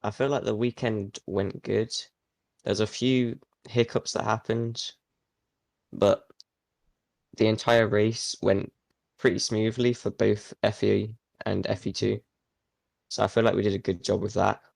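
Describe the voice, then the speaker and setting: A man's voice: on the low side, flat delivery, unhurried, creaky, a little mellow, no room sound. A young man answering interview questions as a league official, plain and matter-of-fact.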